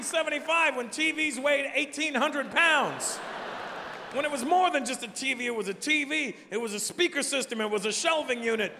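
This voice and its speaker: A middle-aged man doing stand-up comedy on a live stage, talking with the audience in an animated, profane, chatty way. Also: extremely high pitch, moderate pace, crowd noise, background noise. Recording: live hall with long reverb, faint ambience.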